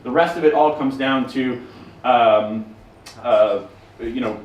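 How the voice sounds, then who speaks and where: This man moves slowly in a mid-range voice as he chats with a live audience and answers their questions, swearing bluntly and joking around. He's in a conference room, and the dull audio was captured from a distance, sounding roomy with faint noise.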